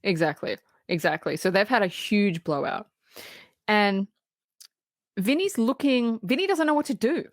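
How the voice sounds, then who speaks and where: A woman co-hosting a podcast, casually recapping a film in animated detail, acting out the characters' lines and swearing freely. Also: medium pitch, measured pace, no room sound, studio quality. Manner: animated storytelling, acting out quoted lines, frequent laughs and swearing. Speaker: podcast co-host.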